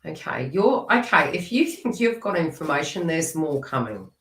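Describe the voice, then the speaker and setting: Chatty woman, lively low voice. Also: normal speed, echoey room, far from the mic, poor audio. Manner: chatty, teasing, talks to viewers by name. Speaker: tarot reader. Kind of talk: live tarot reading.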